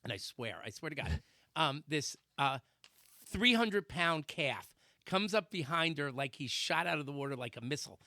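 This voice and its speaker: A man co-hosting a talk radio show, telling a comic story with sound effects and shouted quotes. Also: fairly high pitch, big pitch swings, moderate pace, dry recording. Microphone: studio microphone.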